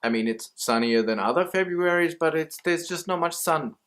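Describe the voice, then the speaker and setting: A man's voice: on the high side, animated, moderate pace, a bit bright. A man with an Australian accent, talking candidly to camera in a rambling, casual monologue, swearing freely and laughing at himself. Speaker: mental health vlogger.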